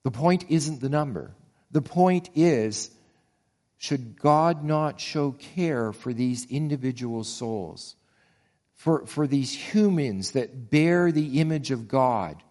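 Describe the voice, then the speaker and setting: A man's voice: medium pitch, expressive, slow pace, a little mellow, big-room sound. Earnest man preaching a sermon. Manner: earnest preaching with rhetorical questions and repeated restarts. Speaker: pastor.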